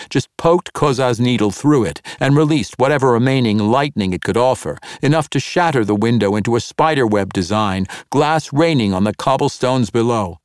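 A man narrating a fantasy audiobook in a measured, expressive reading. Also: mid-range voice, no echo, clean studio sound.

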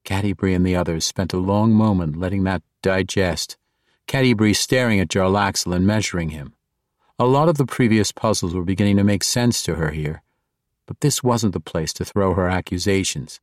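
Low-voiced man narrating a fantasy book. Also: moderate pace, no room sound, studio quality. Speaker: audiobook narrator.

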